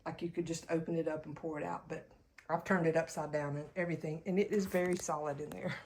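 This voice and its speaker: A woman's voice: low voice, little pitch movement, fast talker, darkish tone, slight background noise. A woman with a Southern US accent narrating a casual home decor tour in a chatty, folksy way, filming her living room while staying off camera. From Southern United States. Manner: chatty, folksy, laughs easily. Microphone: camera held while filming, speaker off-screen.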